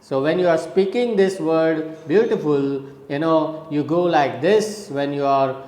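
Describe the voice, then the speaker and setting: A slow, measured male lecturer talks through his points one at a time, repeating words as he counts them off. His voice sits a little high. The room is echoey and the reverb hangs long after each phrase. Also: darkish tone. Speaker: college lecturer. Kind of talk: recorded classroom lecture.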